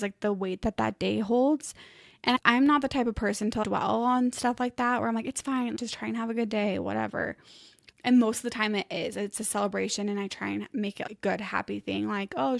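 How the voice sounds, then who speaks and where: Creaky-voiced young woman, heartfelt. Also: medium pitch, no room sound, clean studio sound. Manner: heartfelt and emotional, acting out what others said. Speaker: podcast co-host. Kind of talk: candid conversational podcast chat.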